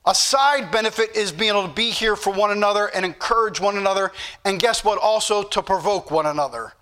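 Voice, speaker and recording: A man's voice: high-pitched, brisk, sharp tone. A male preacher, exhorting a congregation in a sermon and repeating scripture references with emphatic bursts.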